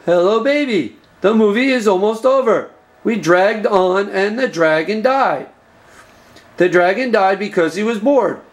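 A man doing a very high earnest nerdy boy. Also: a little slow. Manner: deadpan, plodding announcement-style lines. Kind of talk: home-made comedy movie.

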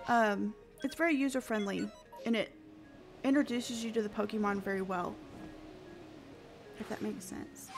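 A woman live-streaming a game, chatting playfully with her viewers. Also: fairly high pitch. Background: background music.

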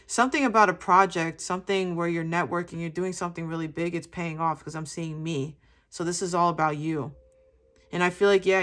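Tarot reader, woman, low-pitched voice, casual and chatty delivery with a loose mouth. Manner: chatty, casual, addresses viewers as baby. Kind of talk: casual spoken tarot reading.

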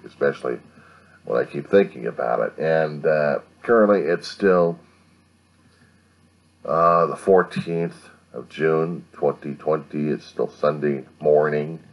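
A man's voice: extremely low pitch, a little slow, muffled recording. A man in his fifties from the United States, rambling through a late-night monologue to his own camera at home and keeping his voice down so he won't wake the neighbors. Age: 50s. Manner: keeps his voice down, musing and grumbling. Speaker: video diarist. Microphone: camera he set up himself.

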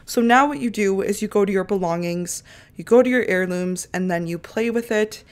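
A woman's voice: mid-range voice, moderate pace. Chatty young woman narrating gameplay. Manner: chatty, bursts into loud laughing outbursts. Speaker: gaming YouTuber. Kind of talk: casual gameplay commentary.

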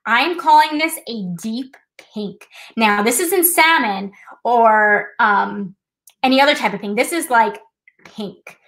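A slightly high, somewhat bright woman's voice moves slowly through this low-quality recording of a live trivia night. In a casual live-stream demo, she explains things step by step with self-deprecating humor.

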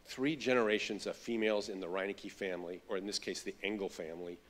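A man's voice: lowish voice, fast. A middle-aged man, a child psychologist, giving a keynote lecture and telling stories with animation. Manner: animated storytelling.

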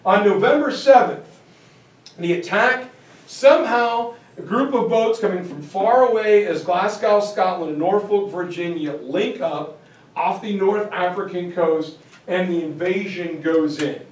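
A man giving a history lecture to a class, telling it as a lively, joking story. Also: sits high, a little slow. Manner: animated, joking storytelling with acted-out voices. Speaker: teacher. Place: lecture room. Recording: roomy, from far off.

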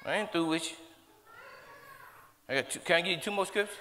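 A man's voice: high-pitched, brisk, noisy background. A man preaching a sermon as pastor, hollering with fervent energy in a church. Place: church sanctuary. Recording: long reverb of a church hall.

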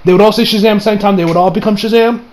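Young guy with a high voice rambling thru a movie review, swears a lot, gets worked up. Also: very fast. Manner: rambling, excitable, swears, acts out quotes in high voice. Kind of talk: casual spoken movie review.

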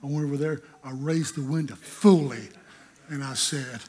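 A middle-aged preacher from North Carolina, his voice sitting a touch higher than most men's. He tells his story in an animated, joking way, acting out every quote. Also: moderate pace. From North Carolina, USA. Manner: animated, humorous, acts out quotes. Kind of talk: sermon storytelling.

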